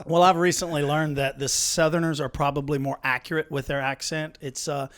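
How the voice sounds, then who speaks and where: A man's voice: on the high side, little pitch movement, fairly quick, fairly bright tone. A man hosting a casual podcast chat, laughing easily and jumping between topics. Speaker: podcast host.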